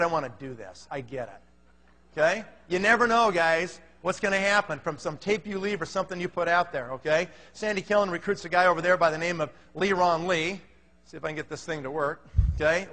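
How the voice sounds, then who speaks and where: A man delivers an energetic motivational talk from a conference stage, telling stories and checking in with his audience again and again. His voice sits high and sounds bright and forceful. The sound carries a long reverb from a large hall. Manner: energetic storyteller, keeps checking in with the crowd. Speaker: company leader speaking at a business conference.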